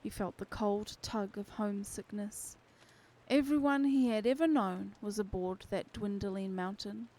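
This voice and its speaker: A woman streamer reading a novel aloud to her community with steady, expressive narration. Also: medium pitch, a little slow, low-quality recording. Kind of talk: unhurried storybook reading.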